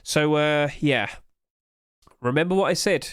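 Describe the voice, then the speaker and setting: A young man talks through a casual live stream in a rambling, animated way. His voice sits a little high for a man. The recording is close and dry, with little room sound. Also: a little slow, smooth, no echo.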